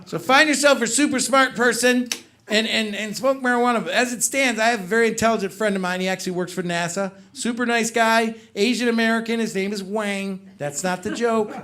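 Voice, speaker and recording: A man doing a stand-up comedy set, telling animated stories and putting on voices for friends. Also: sits high, a little fast, noisy background. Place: comedy club stage with live audience. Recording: loud live crowd laughter. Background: audience laughter.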